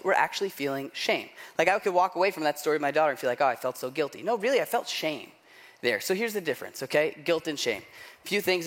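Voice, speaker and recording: A man preaching a sermon as pastor, telling stories in a chatty, self-mocking way with lots of "like" and "right?". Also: on the high side. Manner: animated storytelling with self-deprecating humor; conversational, frequent "like" and "right?".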